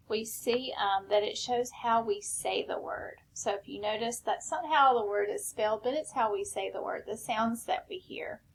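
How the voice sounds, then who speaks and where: A woman teacher giving a recorded spelling lesson, slow and patient, step by step. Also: mid-range voice, slight background noise.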